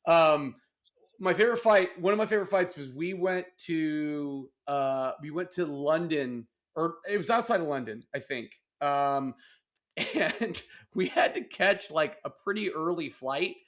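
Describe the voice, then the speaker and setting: A man hosting a casual podcast, retelling old college stories with laughs and acted-out quotes. His voice sits a little high. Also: lively intonation, unhurried, fairly bright tone. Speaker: podcast host. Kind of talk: casual storytelling chat.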